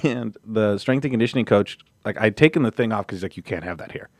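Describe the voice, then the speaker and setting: Man, quick-talking, casual podcast chat, dry close sound, animated storyteller. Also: no echo. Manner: animated storyteller, jumps into high-pitched quoted voices. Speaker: podcast guest.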